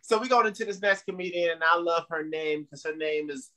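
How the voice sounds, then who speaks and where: A man's voice: a little high, fairly quick, heavy background noise. A man emceeing a comedy show, leading the audience in chants and call-outs. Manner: animated, leads crowd chants.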